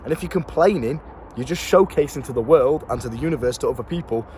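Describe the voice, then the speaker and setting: A man's voice: medium pitch, fast, a little mellow. A young man talking casually to camera as a self-improvement coach, blunt and slangy, swearing and repeating words, with faint street noise behind him. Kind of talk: casual motivational talk to camera. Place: outdoors in town.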